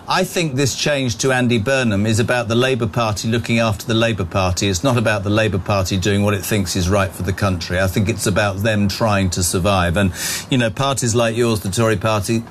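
Brash northern breakfast radio host. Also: male voice, on the low side, fairly even intonation, brisk, slight background noise. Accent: Northern English. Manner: brash, chatty, opinionated. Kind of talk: live talk radio.

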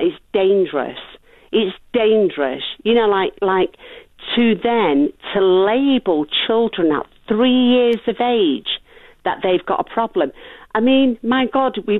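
A woman's voice: mid-range voice, no echo. An older woman calling in to a radio phone-in, indignant and often saying "you know, like". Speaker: caller. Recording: dry tinny phone line.

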